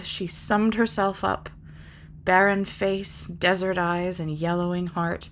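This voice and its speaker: A woman reading a fantasy novel aloud in measured, lyrical narration. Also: fairly low pitch, level tone, a bit bright, a little hiss or hum. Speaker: reader. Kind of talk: audiobook narration.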